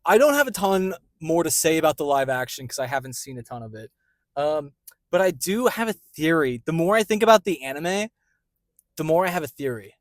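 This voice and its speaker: A man co-hosting a movie podcast in casual chat, animated and quick to laugh. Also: on the high side, dry recording. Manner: animated, excitable, laughs easily. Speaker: podcast co-host. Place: in a parked car.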